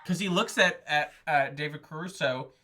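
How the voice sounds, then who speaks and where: Bright-voiced guy on a movie podcast acting out scenes, slightly high pitch. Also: moderate pace. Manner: animated, acts out scenes in quotes. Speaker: podcast co-host. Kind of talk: casual movie chat.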